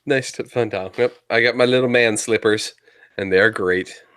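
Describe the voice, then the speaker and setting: A man's voice: lowish voice, steady tone, moderate pace, fairly bright tone, smooth, no echo, clean studio sound. A man co-hosting a casual podcast, joking around with his friends. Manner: joking, playful. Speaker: podcast co-host.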